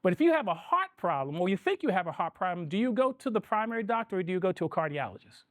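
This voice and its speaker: Lively middle-aged man presenting a seminar. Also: high voice, fast talker, no room sound, clean studio sound. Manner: conversational, energetic, asks the audience questions. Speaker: financial planning presenter. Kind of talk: live seminar talk.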